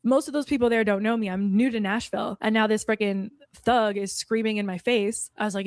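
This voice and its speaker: A woman's voice: medium pitch, steady tone, a little fast, few pauses, dry recording, clean studio sound. A woman telling a personal story in a confessional video, snarky and full of "like" fillers. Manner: frequent "like" fillers, snarky edge. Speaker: storyteller recounting an incident.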